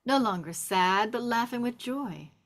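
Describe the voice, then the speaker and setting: A woman reading the stage directions in a table read, with steady, descriptive narration. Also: on the high side, a little slow.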